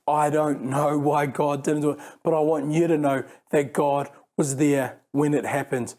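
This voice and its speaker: A man's voice: on the high side, steady tone, unhurried, hardly any pauses, warm tone. A man preaching a conversational sermon, often restarting phrases and acting out imagined dialogue. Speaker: youth pastor.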